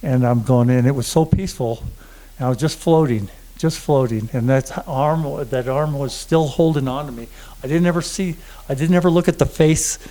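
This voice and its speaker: Halting man telling his own story. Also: mid-range voice, warm tone, low-quality recording. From German family. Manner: halting, many fillers and restarts. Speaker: conference speaker. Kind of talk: personal testimony to an audience. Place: conference room before an audience.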